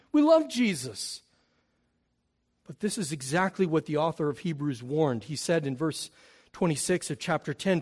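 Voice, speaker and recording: Man, pastor, sermon, high voice, impassioned, hushed then loud.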